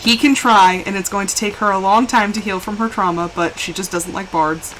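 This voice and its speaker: A woman's voice: medium pitch, brisk, slight background noise, rough recording. A young woman chatting casually and animatedly while live-streaming a game. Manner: chatty and animated, with laughs and exclamations.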